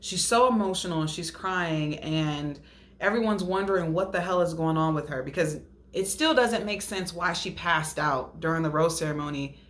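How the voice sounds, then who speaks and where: A woman's voice: sits low, moderate pace. A woman host retelling a reality show episode in a casual, gossipy way, laughing and acting out what people said. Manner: gossipy, animated retelling with mimicked quotes and laughter. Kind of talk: casual recap chat.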